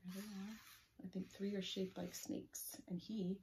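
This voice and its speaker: A woman librarian leading a preschool story time, reading aloud slowly in a sing-song way and often dropping to a soft whisper. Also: medium pitch, flat delivery, slight background noise. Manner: leads rhymes and chants with children. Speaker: children's librarian. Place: public library.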